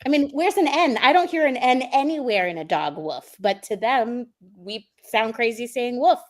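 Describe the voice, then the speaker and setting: A woman's voice: a little high, lively intonation, normal speed. A woman co-hosting an online show in a casual, bubbly way, talking over a call. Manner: bubbly and chatty, acts out animal sounds. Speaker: co-host.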